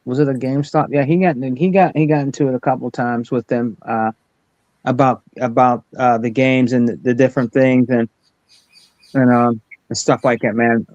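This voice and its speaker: A man's voice: medium pitch, level tone, normal speed, a little mellow, dry recording. Laid-back man on dull, dry audio. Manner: laid-back listener, agreeable, hesitant with fillers. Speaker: podcast co-host. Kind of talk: casual chat.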